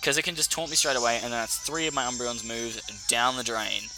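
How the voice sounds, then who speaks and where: A young Australian man commentating a game battle casually, animated and profane, often correcting himself. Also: mid-range voice, a little fast, music in the background. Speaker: YouTuber. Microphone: desk mic.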